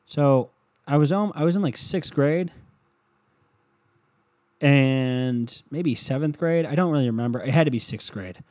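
A man's voice: mid-range voice, measured pace, pauses often, a little mellow. A young man from Ohio telling a long, rambling, profane story about his school days in a casual monologue. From Ohio, USA. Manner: profane, rambling, self-mocking.

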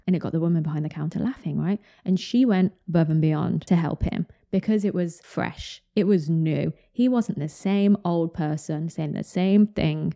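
Chatty woman with a dark, mellow voice. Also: lowish voice. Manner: chatty, conversational, opinionated. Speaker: podcast commentator. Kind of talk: casual solo commentary.

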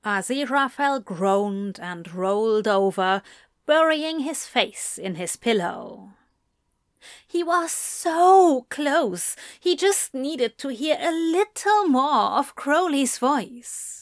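A woman narrating a romance story in a slow, steady, intimate reading. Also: on the high side, clean tone, no room sound, studio quality. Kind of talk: audiobook fan fiction reading.

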